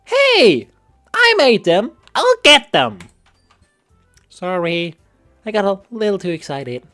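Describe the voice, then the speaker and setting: A man pitches up into a bossy, excitable young girl from a game. The voice is squeaky and very high, with big jumps in pitch. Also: moderate pace, soft background music. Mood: excited.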